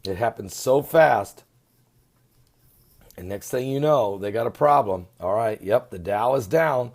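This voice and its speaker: A man giving an animated, sarcastic video commentary, swinging between loud emphasis and muttering. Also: mid-range voice, a little slow. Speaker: online commentator.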